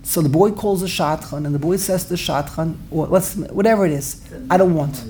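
A woman with a lowish voice teaches a study class to a group, speaking a little fast. She's animated as she tells a story, restarting and repeating herself often and laughing as she goes.

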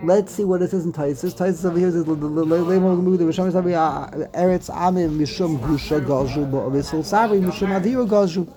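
A man's voice: a little high, fast, few pauses, a crowd in the background. A man teaching a casual Talmud lesson, reading passages aloud and translating them with wry asides and chuckles.

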